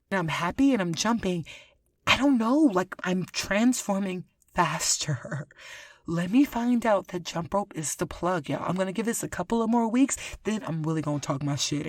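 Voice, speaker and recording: A woman hosting a casual solo podcast, talking to her listeners in an animated, profane way and laughing often. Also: medium pitch, no echo, studio quality. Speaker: podcast host.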